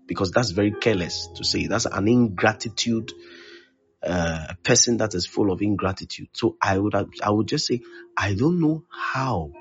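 A man preaching a sermon as pastor, repeating his phrases with force, then dropping to a hush. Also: fairly low pitch, dull audio. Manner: emphatic preaching, repeats phrases, swings loud to hushed.

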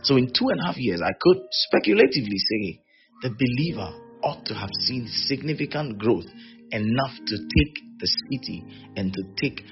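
A male pastor preaching a sermon, animated and teasing, with playful mock wailing. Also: mid-range voice, moderate pace, dull audio, soft background music.

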